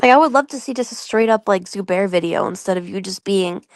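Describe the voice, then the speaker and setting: A woman's voice: mid-range voice, brisk, no room sound, clean studio sound. Frank woman in casual chat. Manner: frank, uses many "like" fillers.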